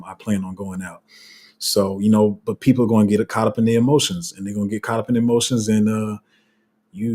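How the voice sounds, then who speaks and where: A man with a lowish, mellow voice hosts a crypto channel and launches into a heated, passionate rant on a casual livestream, restarting his sentences again and again.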